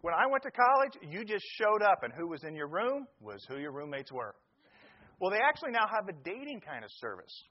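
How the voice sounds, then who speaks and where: A man's voice: sits high, very animated, a little fast, dull audio. A middle-aged male pastor from the American Midwest, giving a joking, folksy sermon to a live congregation. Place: church sanctuary.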